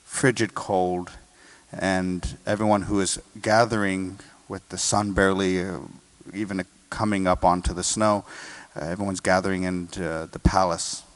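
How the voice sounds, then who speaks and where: Low-voiced American man explaining music. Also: little pitch movement, moderate pace. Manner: sings and hums melodies to illustrate points. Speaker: guest conductor.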